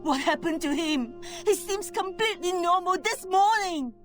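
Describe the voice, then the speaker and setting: A man voicing a distraught young woman in a high falsetto while reading a game aloud. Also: moderate pace, a bit bright, faint music behind. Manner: squeaky high falsetto, pleading.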